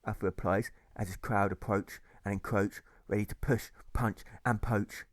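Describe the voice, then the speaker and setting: A man's voice: on the low side, fairly even intonation, a little slow, no echo, studio quality. A man narrating his own rhyming novel as an audiobook, in a rhythmic delivery.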